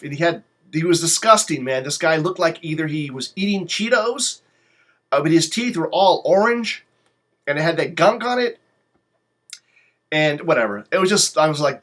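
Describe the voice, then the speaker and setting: A man with a fairly high voice tells travel stories off the cuff. He rambles, swears freely and gets animated as he goes. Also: takes it slowly, long pauses. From lives in Poland. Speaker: vlogger. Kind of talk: casual travel storytelling.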